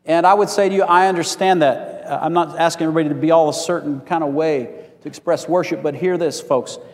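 A man's voice: on the high side, fairly even intonation, fast talker, in a large hall. A male pastor preaching a sermon in a folksy way, asking for amens from the congregation.

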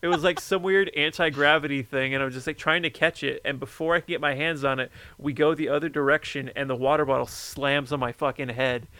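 A man chatting casually, telling a story with lively energy and plenty of swearing. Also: a little high, brisk, hardly any pauses, a little hiss or hum. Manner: animated storyteller, swears freely. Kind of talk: casual chat.

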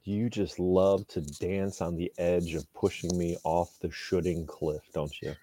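A man's voice: deep voice, a little slow. A man from Indiana, a couples therapist, talking animatedly and emphatically in a casual podcast chat. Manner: animated, emphatic, swings loud and soft.

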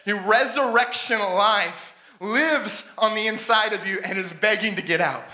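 A man preaching a sermon as a guest speaker, telling a story with excitement, frequent restarts and laughter. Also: high-pitched, unhurried, roomy sound. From Canada. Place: church sanctuary.

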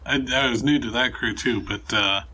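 A man playing a tabletop game, talking in a relaxed, unhurried way. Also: mid-range voice, breathy edge. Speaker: player.

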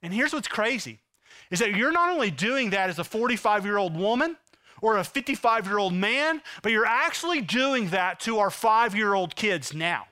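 Bright-voiced impassioned male pastor. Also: high-pitched, lively intonation, moderate pace. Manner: impassioned, swings from loud emphasis to hushed intensity. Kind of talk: sermon.

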